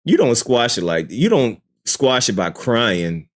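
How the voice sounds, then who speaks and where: A man's voice: medium pitch, big pitch swings, a little slow. Exasperated man reacting on a live stream. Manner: profane, exasperated, repeats himself, swings from shouting to muttering.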